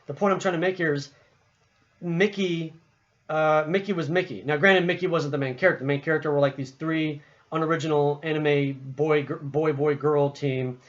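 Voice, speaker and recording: A man giving a casual opinion monologue about a video game, rambling with frequent restarts and fillers. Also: fairly high pitch. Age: adult. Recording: muffled lo-fi recording.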